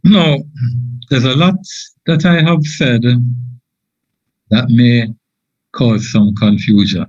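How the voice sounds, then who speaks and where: A man giving an informal engineering lecture, halting often with fillers and restarts. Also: medium pitch, expressive, darkish tone, dry recording. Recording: dull lo-fi dry audio.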